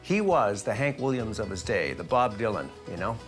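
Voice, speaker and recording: A man's voice: fairly low pitch, sing-song, normal speed. Storytelling male bagpiper, faint guitar behind. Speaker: bagpiper and guest. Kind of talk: interview.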